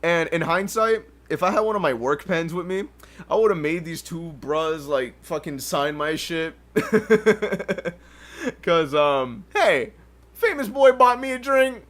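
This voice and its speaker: A young man hosting a podcast alone, telling a story in an animated, profane way and laughing often. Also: on the high side, slow pace. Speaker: podcast host. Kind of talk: casual storytelling. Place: home livestream setup.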